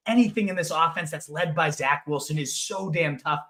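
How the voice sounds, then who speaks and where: A young man co-hosting a fantasy football show, talking in casual, emphatic analysis with bursts of excitement. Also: on the high side, brisk. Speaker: fantasy football podcast co-host. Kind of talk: casual sports analysis chat.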